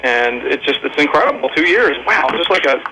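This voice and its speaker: A man's voice: a little high, animated, fairly quick, background noise. A man co-hosting a radio show in casual chat, upbeat and friendly, laughing along with the jokes. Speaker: radio co-host.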